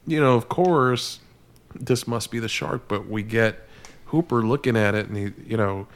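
A man's voice: mid-range voice, moderate pace. A man hosting a podcast, casually and profanely retelling movie scenes. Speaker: podcast host.

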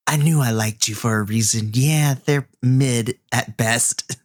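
A man's voice: medium pitch, a little slow, close to an everyday voice. Man putting on a chirpy, overly polite lord. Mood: amused. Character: chirpy male lord hosting guests.

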